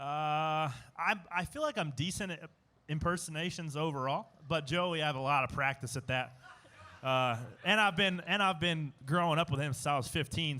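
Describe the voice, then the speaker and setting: A young race car driver chats in a casual interview on an outdoor live show stage at a racetrack, rambling and interrupting himself with fillers, restarts, and laughs. His voice is fairly high, pushed, and bright.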